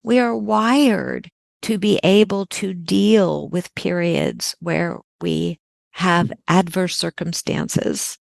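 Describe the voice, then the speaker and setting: A woman with a low, slightly gravelly voice talks earnestly in a podcast conversation. She stresses the important words by repeating them. The sound is close and dry, with no room around it. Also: takes it slowly, no echo.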